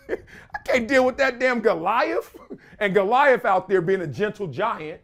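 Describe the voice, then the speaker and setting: A male podcast host with a high voice that swoops up and down as he talks. He laughs often and drops briefly into quick voices of other people, riffing in a loose, casual way. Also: lively intonation, a bit bright. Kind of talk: casual commentary talk.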